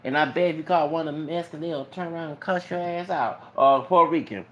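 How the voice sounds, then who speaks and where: A man's voice: on the high side, fast, muffled recording. A man ranting casually to his camera as a vlogger, rambling and repetitive, with emphatic asides.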